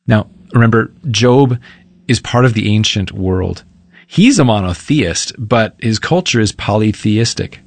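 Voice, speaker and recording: A man's voice: lowish voice, expressive, vocal fry, no room sound. Earnest male preacher, dry sound. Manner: earnest, measured, reads scripture aloud. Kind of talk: sermon.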